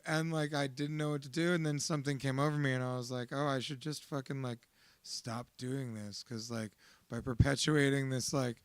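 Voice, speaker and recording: Raw, gravelly man telling his story. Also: a little high, no room sound. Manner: raw, profane, confessional, swings into shouting. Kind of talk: emotional personal testimony.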